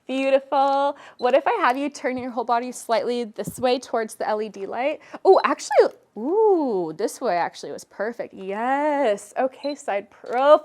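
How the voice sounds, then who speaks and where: A young woman with a fairly high voice directs a model in a photo studio. She keeps up a steady stream of encouragement and gushing praise while she works. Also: normal speed, hardly any pauses.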